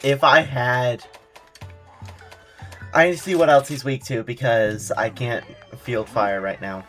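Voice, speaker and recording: A man's voice: mid-range voice, measured pace, soft background music. A man hosting a casual game stream, chatting in a wry, easygoing way and reading viewers' messages aloud. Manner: relaxed, wry, reads chat aloud. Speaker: streamer host. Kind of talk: casual gaming chat.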